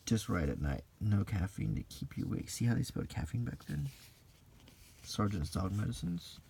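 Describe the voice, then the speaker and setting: A man from the United States softly reading aloud from an old magazine and musing in asides, in a soft-spoken unintentional ASMR style. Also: lowish voice, very animated, normal speed, vocal fry, a little hiss or hum. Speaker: host flipping through an old magazine.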